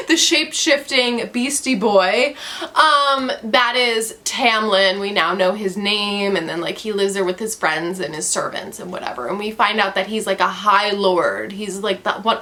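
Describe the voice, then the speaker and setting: A woman's voice: mid-range voice, unhurried, bright, forceful tone. A young woman vlogging from home in a rambling, sarcastic way, full of fillers, as she reviews a book. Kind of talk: casual book review rant. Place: at home with her dog.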